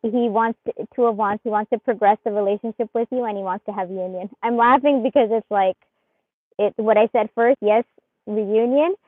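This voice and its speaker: A woman giving a live tarot reading, murmuring softly as she shuffles and then chatting in animated bursts with lots of laughter. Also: medium pitch, normal speed, no echo. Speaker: tarot reader. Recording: muffled phone-like sound.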